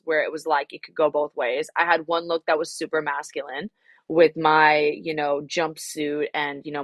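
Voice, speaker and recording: A woman's voice: sits low, a bit bright, dry recording. A young adult woman, a singer-songwriter, answering interview questions frankly and reflectively, with many fillers and some swearing.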